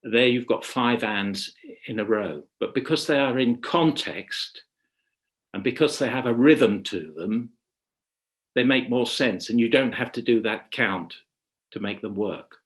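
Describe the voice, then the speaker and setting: A man teaching a writing workshop over a video call. He speaks very slowly and deliberately at an everyday mid pitch, working through his thoughts aloud. He pauses often to rephrase before landing on the point. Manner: measured and reflective, pausing to rephrase. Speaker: radio drama writer leading a writing workshop. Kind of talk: webinar lecture.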